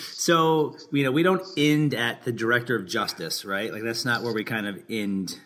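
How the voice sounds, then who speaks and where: A man's voice: mid-range voice, a little slow, fairly bright tone. A man hosting an interview podcast, chatty and upbeat, laughing often. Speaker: podcast host.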